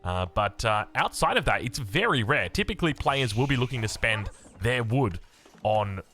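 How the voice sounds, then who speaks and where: Man, Australian accent, slightly raspy from illness, upbeat chatty game caster, animated pitch. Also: normal speed. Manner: upbeat and chatty, with many fillers and restarts. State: a little raspy from being sick. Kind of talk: esports game commentary.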